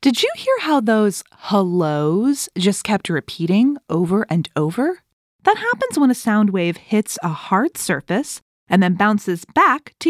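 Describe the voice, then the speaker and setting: A woman's voice: medium pitch, dry recording, studio quality. A woman hosting a children's toothbrushing show, reading a cheerful, playful script and counting down for kids. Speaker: host.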